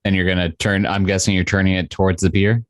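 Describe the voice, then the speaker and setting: A man's voice: deep voice, little pitch movement, no room sound. Easygoing male game master. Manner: easygoing, quick, chuckling. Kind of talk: narrating a tabletop game.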